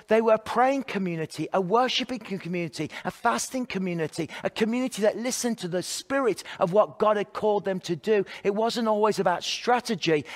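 Male pastor, earnest sermon delivery, repeats phrases in lists; voice sits high, long reverb tail. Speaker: pastor and evangelist.

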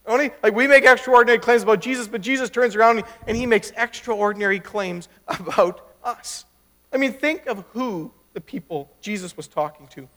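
A male pastor with a high voice delivers a chatty, lively sermon, punching his key words with sudden lifts. His voice carries through a church sanctuary, trailing a long hall reverb. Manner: animated and conversational, rising sharply for emphasis.

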